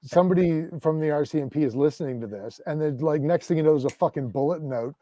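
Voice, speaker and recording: A man's voice: on the high side, fast talker, no echo. Canadian man telling a story on a dry mic. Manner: animated storytelling, swears freely, acts out quoted exchanges. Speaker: podcast co-host. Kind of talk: casual chat.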